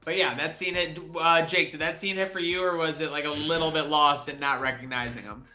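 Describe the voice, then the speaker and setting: A man hosting a casual podcast chat, animated and full of fillers. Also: fairly high pitch, a little fast, faint music behind. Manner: animated, chatty with many fillers. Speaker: podcast host.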